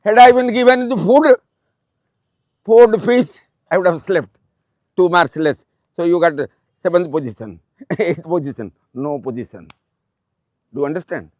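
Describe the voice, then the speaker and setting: A man in his eighties with an Odia accent, a retired principal giving a fatherly, repetitive motivational speech to students, pausing often with um. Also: sits high, darkish tone, no room sound. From Odisha, India. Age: 80s.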